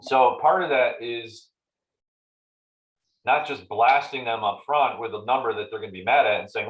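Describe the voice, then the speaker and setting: A man's voice: mid-range voice, normal speed, long pauses. A man leading a casual training session for real estate agents, talking conversationally and walking through examples. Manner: conversational, acts out client dialogues in animated voices. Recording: roomy echoey meeting room.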